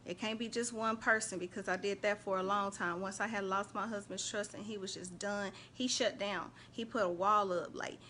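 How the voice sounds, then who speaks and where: A chatty woman, talking casually to her live-stream viewers. Her voice sits at a middle pitch, lively and warm in tone. A faint hum of background noise sits behind her. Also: normal speed, few pauses. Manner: animated, chatty, shouts out viewers and laughs often. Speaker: host of a faith and relationship live stream.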